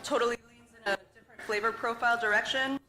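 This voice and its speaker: A woman's voice: fairly high pitch, steady tone, quick pace, bright, forceful tone, roomy sound, poor audio. A woman judging food at a contest, casual and joking, a former contestant.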